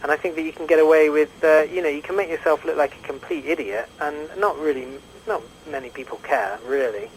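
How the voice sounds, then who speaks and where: A drunk British man being interviewed, talking in a rambling, halting way with many restarts. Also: fairly high pitch, a little hiss or hum, low-quality recording. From Britain. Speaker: guest. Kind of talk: casual radio interview.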